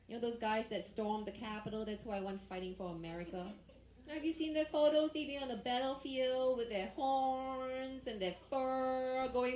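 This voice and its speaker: A woman's voice: high-pitched, normal speed, darkish tone. A woman from Asia doing a stand-up set on a comedy club stage, brash and teasing as she works the crowd on a handheld mic. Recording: roomy club sound.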